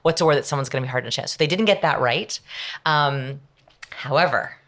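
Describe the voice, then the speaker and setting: A middle-aged woman, a guest on an interview podcast, explaining her ideas in an energetic, emphatic way with lots of examples. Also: rumbling low, quick pace. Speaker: guest, behavioral researcher. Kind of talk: conversational interview.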